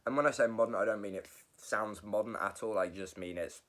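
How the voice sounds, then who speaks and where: A man reviewing metal albums in a casual, rambling monologue, sick, often correcting himself and filling pauses with ums. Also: on the low side, fairly bright tone.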